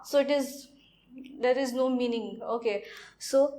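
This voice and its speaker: A woman teaching a French lesson in a video lecture, halting and repetitive, often saying "okay". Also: high-pitched, darkish tone. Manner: halting, repeats words, says "okay" often.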